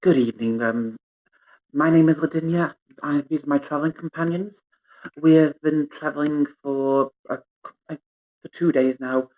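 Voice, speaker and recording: A man's voice: a little high, steady tone, normal speed, narrow, tinny audio, close to an everyday voice. A man voicing a polite, formal female cleric traveller who speaks hesitantly, in a tabletop game.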